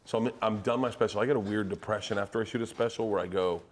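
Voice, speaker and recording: A man who is a stand-up comedian, telling stories in casual chat and jumping his voice high to act out the people he quotes. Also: quick pace. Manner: excitable storyteller, swings high to act out quotes.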